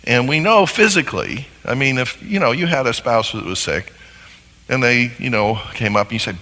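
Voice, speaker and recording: A man teaching on marriage as a counselor, sermon style, animated and acting out little scenes in different voices. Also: mid-range voice, moderate pace. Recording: long hall reverb.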